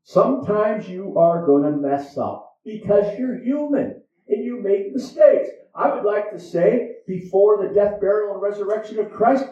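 High-voiced man preaching in an echoey church. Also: animated, measured pace. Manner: conversational, repetitive preaching. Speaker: pastor. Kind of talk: sermon. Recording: echoey, dull sound from far off.

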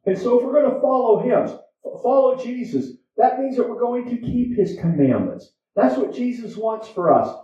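A man preaching a sermon as pastor, in a conversational style that repeats its points. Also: high-pitched. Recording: echoey, dull sound from far off.

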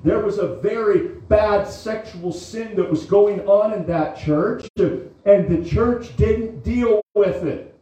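A man's voice: high voice, dark tone. A man preaching a sermon as pastor, often stopping to say "uh, amen" between his points. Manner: preachy, drawn-out phrasing with frequent "uh, amen". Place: church sanctuary. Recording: echoey church room from far off.

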